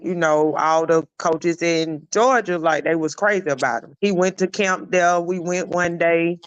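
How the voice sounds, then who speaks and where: A woman's voice: lowish voice, smooth, dry recording, highs cut off. Chatty mother telling stories. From Alabama. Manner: animated, chatty storytelling. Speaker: guest, player's mother. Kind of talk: casual interview storytelling.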